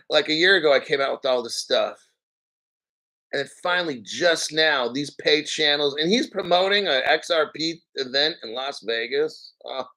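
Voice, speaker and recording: A man's voice: on the high side, bright, forceful tone. Profane, ranting man in his fifties. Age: 50s. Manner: profane, mocking, rambling. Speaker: crypto channel host. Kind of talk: casual unscripted rant to viewers.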